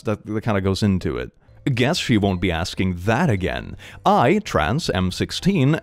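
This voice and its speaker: A man's voice: on the low side, dry recording. A young man reading online stories aloud and adding joking, casual commentary. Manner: animated, joking. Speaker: online story reader and commentator.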